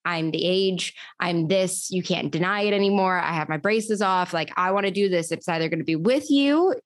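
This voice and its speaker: A woman's voice: on the low side, moderate pace, dry recording, clean studio sound. A young woman, telling her story in a chatty way full of fillers during an interview. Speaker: podcast host, guest. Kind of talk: casual interview chat.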